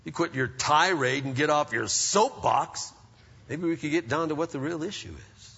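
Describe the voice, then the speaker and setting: A pastor preaches a sermon in a reverberant church hall, animated and conversational, posing rhetorical questions. His voice is a little high with vocal fry and a breathy edge at a moderate pace, and the sound is dull with long reverb.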